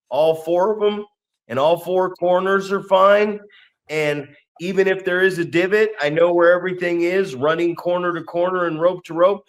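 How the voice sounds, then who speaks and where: A man's voice: fairly high pitch, fairly bright tone. A man co-hosting a podcast and training wrestlers, telling stories in a blunt, profane way. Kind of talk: casual profane podcast chat.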